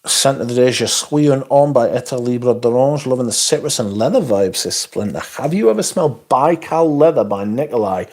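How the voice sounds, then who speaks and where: Speaking at medium pitch with a slightly mellow quality, a livestream host reads out viewer comments and responds bluntly, cursing often and tossing in side remarks. The casual stream is recorded on a phone.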